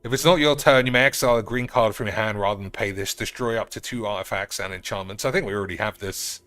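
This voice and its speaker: A man casually commenting on cards while streaming a game, sarcastic and crude, swearing often and breaking into loud outbursts. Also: lowish voice, fast talker, no echo, soft background music.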